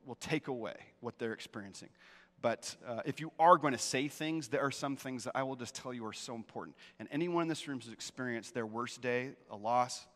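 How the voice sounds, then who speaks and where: A man's voice: mid-range voice, a bit bright. Emphatic male pastor in reverberant church. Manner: emphatic, repeats key phrases, checks in with "okay?". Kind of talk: sermon. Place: church sanctuary.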